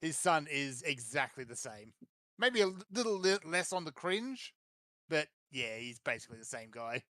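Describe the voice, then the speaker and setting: Bright dry-voiced man. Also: fairly high pitch, big pitch swings, moderate pace, no echo. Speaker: podcast co-host. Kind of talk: casual chat.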